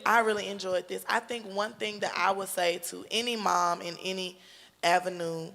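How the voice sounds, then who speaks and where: Woman, gravelly, earnest, emphatic, casual panel talk. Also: medium pitch, steady tone, moderate pace, fairly bright tone, long reverb tail. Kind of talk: casual chat turning to exhortation.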